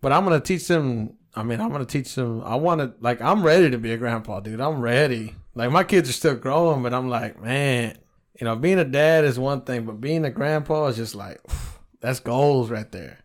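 A middle-aged man co-hosting a podcast, telling stories in casual chat, heavy on profanity and animated. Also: mid-range voice, moderate pace. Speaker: podcast co-host.

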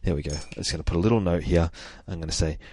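A man's voice: low-pitched, very fast, darkish tone. An Australian man casually recapping a comic book, rambling and swearing, with frequent laughs. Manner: rambling, profane, laughs often.

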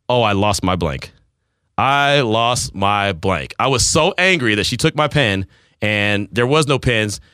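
Male radio host, rambling story, bright tone, lively delivery. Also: mid-range voice, no room sound, clean studio sound. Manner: animated storytelling, rambling, laughs at himself. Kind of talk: casual on-air banter.

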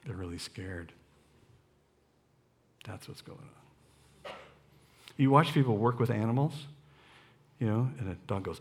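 A middle-aged man preaching a sermon as a guest speaker in a church, lively and joking, repeating lines for emphasis into a stage microphone. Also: medium pitch, moderate pace, pauses often. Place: church sanctuary.

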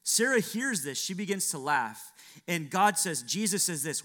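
Man, sermon, dramatic retelling, rhetorical questions, bright voice. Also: lively intonation, moderate pace. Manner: dramatic, acts out biblical dialogue with shifts of pitch and loudness. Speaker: preacher.

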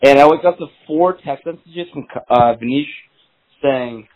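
A man chatting casually about fantasy football, an excitable storyteller who swears a lot and acts out quotes. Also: mid-range voice, normal speed. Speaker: podcast co-host. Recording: dry, tinny phone-line sound.

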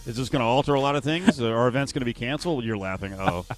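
Sports radio host, animated banter. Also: male voice, mid-range voice, fast, faint music behind. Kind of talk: casual sports talk.

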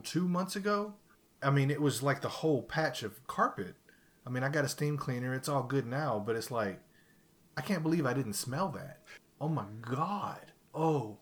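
Bright-voiced man telling a rowdy story. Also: mid-range voice. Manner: animated, profane, laughs through his story. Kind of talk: casual storytelling chat.

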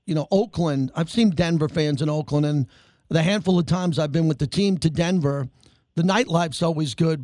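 A male sports radio host with a notably high voice. He talks with his guest in an energetic, chatty way. His voice is close and dry in a studio booth. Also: no room sound. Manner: conversational, energetic questioning.

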